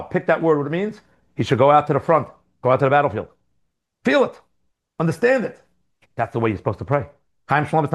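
A religious teacher with a slightly high voice leads a Torah class, speaking in an animated way full of rhetorical questions and emphatic repetition.

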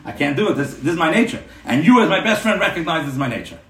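A man's voice: on the high side, sing-song, quick pace. A man playing a stingy, rich older man who pleads with his best friend, telling the story earnestly in a roomy space, heard from a little distance. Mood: apologetic. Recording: roomy room, mic at a distance.

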